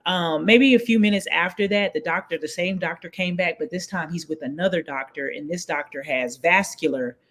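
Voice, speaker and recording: A woman in her forties, a guest, telling a personal story in an interview and acting out the voices of the people in it with big jumps in pitch. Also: moderate pace, hardly any pauses.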